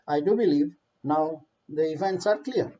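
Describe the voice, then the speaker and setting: High-voiced impassioned man, lo-fi. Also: measured pace, warm tone, a little hiss or hum. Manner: impassioned, swears, non-native phrasing. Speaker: vlogger. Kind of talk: heated political commentary. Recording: dull lo-fi recording.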